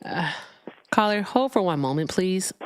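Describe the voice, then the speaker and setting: A woman's voice: lowish voice, expressive, moderate pace, smooth. A woman hosting a political call-in livestream, chatting casually, swearing freely and gushing thanks to her viewers. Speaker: livestream host.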